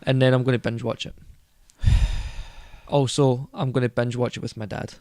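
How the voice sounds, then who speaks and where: A man's voice: mid-range voice, flat delivery, normal speed, darkish tone, no room sound, clean studio sound. A man co-hosting a casual podcast chat, rambling and correcting himself as he goes. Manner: rambling, self-correcting, enthusiastic. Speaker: podcast co-host.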